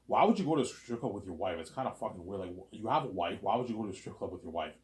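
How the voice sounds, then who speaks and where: In a loose, rambling vlog monologue, this man keeps restarting sentences and repeating himself, and racing comes up. His delivery jumps between excited loud outbursts and quiet mumbling.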